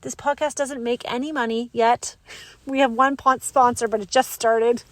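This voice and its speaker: A woman hosting a podcast, talking alone to her listeners in a bubbly, excitable and emotional way. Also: fairly high pitch, normal speed, no room sound. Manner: bubbly and excitable, laughing and gushing. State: emotional, close to tears. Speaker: podcast host. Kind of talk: solo podcast sign-off.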